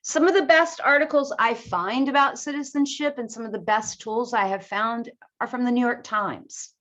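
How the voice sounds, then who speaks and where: A woman teacher giving a presentation to other teachers, with a clear, emphatic teaching voice and lively intonation. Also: a little high, normal speed. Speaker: ESL teacher.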